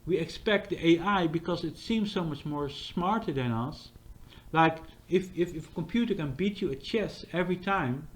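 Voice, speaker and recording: A man's voice: fairly high pitch, normal speed. A man talking in a casual, rambling monologue, full of fillers and restarts.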